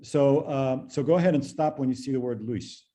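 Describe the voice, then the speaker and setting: A man teaching a language class over a video call, patient and explaining slowly with many fillers. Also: medium pitch, warm tone.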